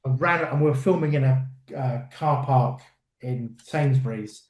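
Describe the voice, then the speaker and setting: A man, a working actor, telling stories in a casual interview, lively and full of fillers and restarts. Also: medium pitch, unhurried, echoey room. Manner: animated storyteller, acts out quotes, many fillers.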